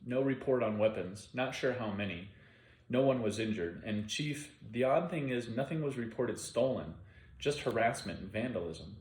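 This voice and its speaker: A man's voice: medium pitch, moderate pace, a little mellow, natural voice. A man voicing a young, eager, by-the-book male police officer who speaks in clipped radio jargon. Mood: formal. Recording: roomy echo.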